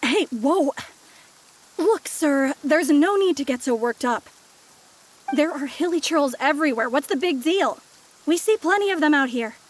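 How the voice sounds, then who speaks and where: A stern forest ranger. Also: female voice, sits high, animated, measured pace, a little hiss or hum. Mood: impatient. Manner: firm, questioning. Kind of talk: game voice acting.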